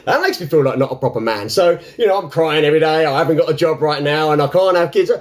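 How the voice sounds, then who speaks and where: A man's voice: on the high side, animated, fast, few pauses. A man talking to camera in an unscripted, reflective way. He rambles, restarts often and laughs between thoughts. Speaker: self-help vlogger.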